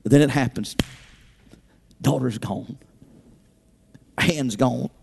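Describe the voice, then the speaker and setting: A male preacher delivering an impassioned sermon, breaking into sudden shouts and dramatic swings in delivery. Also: medium pitch, takes it slowly, vocal fry, breathy edge. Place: church.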